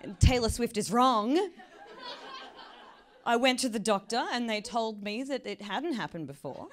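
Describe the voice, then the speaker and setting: A woman's voice: fairly high pitch, lively intonation, a little slow. A young woman doing live stand-up comedy in a chatty, self-mocking way, full of stumbling restarts. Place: live comedy venue with an audience.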